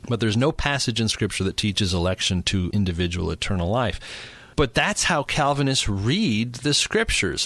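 A low-voiced man co-hosts a theological discussion, making his argument and then handing over with questions. His voice is recorded dry and close, with no room echo. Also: fairly bright tone. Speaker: co-host.

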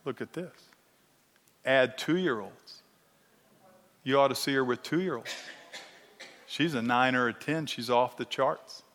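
A middle-aged man teaching a sermon-style lesson, animated and teasing, often checking in with the crowd. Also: medium pitch, takes it slowly, long pauses. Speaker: Bible teacher. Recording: long reverb of a large hall.

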